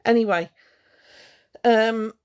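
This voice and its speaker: A woman's voice: fairly high pitch, steady tone, slow, darkish tone, clean tone. A woman, ranting sarcastically to her livestream chat and greeting viewers as she goes. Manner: cross, sarcastic, blunt. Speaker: livestream host.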